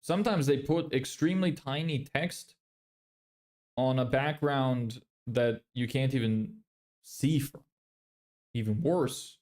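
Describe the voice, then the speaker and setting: A man's voice: mid-range voice, takes it slowly, a little mellow. Blunt man critiquing websites. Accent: neutral, often heard as American. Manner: blunt, muttering critiques while reviewing websites. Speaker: business vlogger. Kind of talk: casual livestream commentary.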